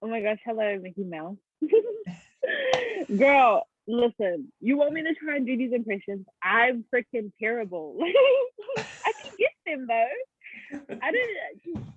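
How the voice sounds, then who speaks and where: A woman's voice: sits high, sing-song, slow, slightly rough, dry recording, highs cut off. A woman musician being interviewed, bubbly, giggly and self-deprecating. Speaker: musician guest. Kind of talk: casual interview.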